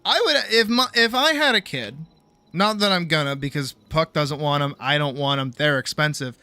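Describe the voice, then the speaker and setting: A man's voice: on the high side, lively intonation, normal speed, pushed and bright, clear, resonant tone, dry recording. A man streaming games and rambling through a story casually, full of fillers and swearing. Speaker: game streamer. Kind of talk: casual live-stream chat.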